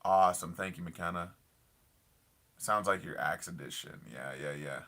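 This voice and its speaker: Late at night in his parked car, a young man talks to his stream viewers, answering comments with enthusiastic rambling, lots of fillers and repeated lines like "I love it" and "I don't know." His voice is low, bright and gravelly, at a moderate pace.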